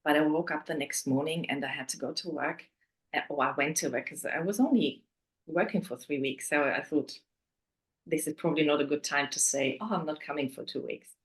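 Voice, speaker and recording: This woman, a guest in an interview, speaks openly about a painful part of her life, frequently lowering her voice to a hush. She talks fairly quickly in a deep voice, and the audio is poor.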